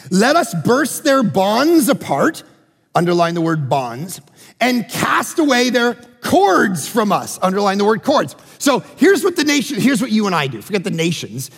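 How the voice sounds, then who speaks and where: Male pastor mid-sermon: high, gravelly voice, animated, acts out characters, big reverberant church. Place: church auditorium. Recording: large hall with long reverb.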